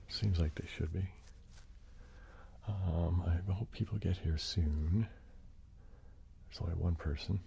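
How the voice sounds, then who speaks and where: A man hosting a casual ASMR live stream, chatting in a relaxed way and greeting viewers by name while he sounds sleepy. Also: low voice, slow, gravelly, long pauses, a little hiss or hum. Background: wood tapping.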